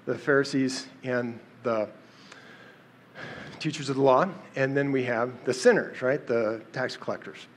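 In a relaxed Bible study, a man walks through a scripture passage conversationally, using fillers and restarting sentences. His voice sits in the mid range, and there's slight background noise.

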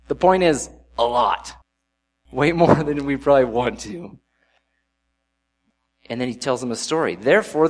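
Man preaching in a casual way. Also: medium pitch. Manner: conversational, reads scripture then adds off-hand asides. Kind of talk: casual sermon reading scripture.

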